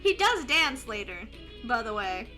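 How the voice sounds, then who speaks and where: A woman streaming a courtroom game, reading the dialogue aloud and breaking off into excited, swearing reactions with laughter. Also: a little high, a little slow. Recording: game music playing behind.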